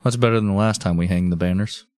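A man co-hosts a comedy podcast, dropping dry, deadpan quips. His voice sits a little low, and the sound is close and dry. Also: fast, no room sound. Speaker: podcast co-host. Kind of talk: casual comedic banter.

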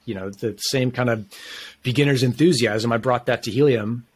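A man's voice: mid-range voice, moderate pace, husky. A man talking as a podcast guest, telling a long story in a casual, enthusiastic, rambling way with plenty of slang.

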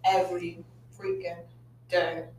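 A woman's voice: on the low side, completely flat delivery, slow pace, darkish tone. A woman in her twenties co-hosting a podcast in casual chat, telling stories animatedly and laughing through them. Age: 20s. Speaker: podcast co-host. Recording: echoey room with faint hiss.

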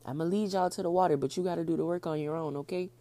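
A woman hosting her own podcast, talking fast and casually, repeating points for emphasis. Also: lowish voice, steady tone, mellow, dry recording. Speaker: podcast host. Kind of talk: casual solo podcast talk.

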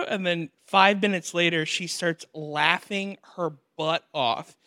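A young man hosting a podcast, telling animated stories in a casual chat and acting out the voices in them. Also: high-pitched, measured pace, no room sound, studio quality. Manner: animated storyteller, acts out voices and laughs often. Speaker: podcast host.

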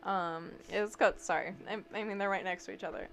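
A young woman co-hosting a podcast, chatting casually and telling animated stories with frequent laughter. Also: mid-range voice, fast talker, a little hiss or hum. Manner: animated storyteller, laughs often. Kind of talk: casual chat.

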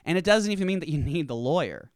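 A man's voice: fairly high pitch, quick pace, dry recording, clean studio sound. A man in a casual ranting monologue, swearing freely and acting out the voices in his stories. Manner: profane, animated storytelling with acted-out quotes.

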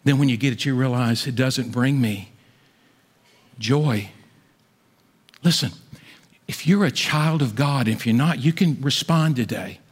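A middle-aged man preaching a sermon as pastor, swinging from loud, high appeals down to hushed asides. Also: unhurried, long pauses, slightly rough, long reverb tail.

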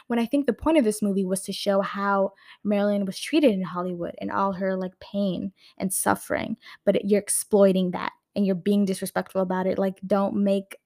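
A woman's voice: mid-range voice, darkish tone. Heated young woman ranting, lots of swearing. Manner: heated, swears often, many fillers and restarts. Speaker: video creator reviewing a film. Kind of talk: ranting casual vlog.

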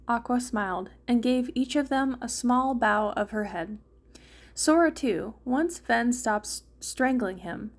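A woman's voice: fairly high pitch, measured pace. A woman reading fan fiction aloud in a casual way, with a few small slips.

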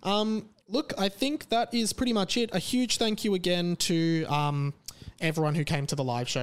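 A man hosting a podcast, chatting casually and rambling through plugs with plenty of fillers. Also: on the high side. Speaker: podcast host.

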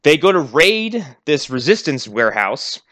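A man's voice: on the high side, sing-song, moderate pace, fairly bright tone, no echo, studio quality. A man casually reviewing a movie on a podcast, wry and sarcastic, with frequent swearing. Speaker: podcast co-host.

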